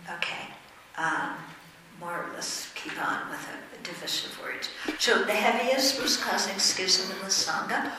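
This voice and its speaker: An older woman giving a Buddhist teaching, measured and often checking in with her listeners. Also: medium pitch, pushed and bright, slight background noise. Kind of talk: Dharma teaching talk. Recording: echoey room, voice from far off.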